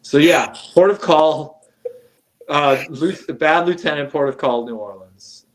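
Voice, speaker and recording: Animated swearing man in casual chat. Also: fairly high pitch, unhurried, poor audio. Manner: animated, swearing, laughing as he talks. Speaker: guest.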